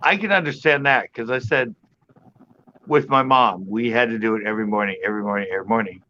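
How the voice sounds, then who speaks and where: A man hosting a live online panel, rambling casually as he thinks out loud and chuckling often. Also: lowish voice, fast. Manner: rambling, talks through his thoughts, chuckles often. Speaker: host of a live panel stream. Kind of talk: casual chat. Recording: muffled audio with faint background noise.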